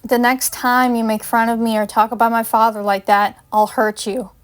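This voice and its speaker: A woman's voice: on the high side, flat delivery, normal speed, lightly acted. A woman reading the lines of a fiery, hurt young female student with heated, rising delivery. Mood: threatening.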